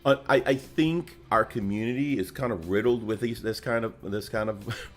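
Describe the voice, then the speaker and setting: Low-pitched male co-host, rambling casual chatter, faint music bed. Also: moderate pace. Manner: rambling, many restarts and fillers. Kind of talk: casual livestream chat.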